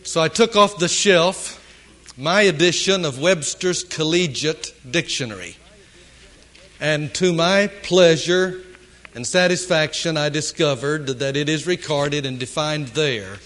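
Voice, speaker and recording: A man preaching a sermon in a slow, deliberate, emphatic way, pausing for dramatic effect. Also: on the high side, fairly bright tone.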